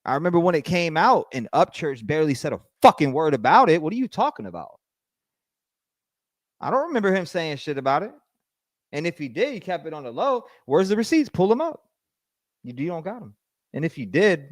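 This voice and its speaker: Man hosting a livestream, profane and animated, dry close sound. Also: a little high, fairly quick, pauses often, dry recording. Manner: profane, animated, mocks with put-on quotes. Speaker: livestream host. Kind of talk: casual livestream commentary.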